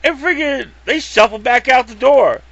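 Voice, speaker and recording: A man's voice: very high voice, moderate pace, creaky, a bit bright, no room sound, highs cut off. A man ranting casually to camera in a rambling, profane way, full of fillers and acted-out quotes. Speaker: video blogger.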